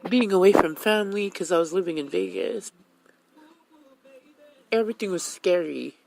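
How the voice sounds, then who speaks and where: A woman's voice: on the low side, normal speed, creaky, a little mellow, low-quality recording. A woman from Hawaii, a mother, telling her own life story on the radio in a candid, emotional way. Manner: candid, emotional, retells conversations.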